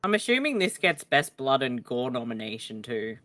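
A woman's voice: rumbling low, big pitch swings, moderate pace, a bit bright. A woman co-hosting a podcast, teasing and wry in casual movie commentary. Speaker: podcast co-host.

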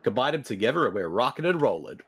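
A man's voice: medium pitch, very animated, fast, husky. A man hosting a podcast, chatting casually and often restarting his phrases. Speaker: podcast host. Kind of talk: casual chat.

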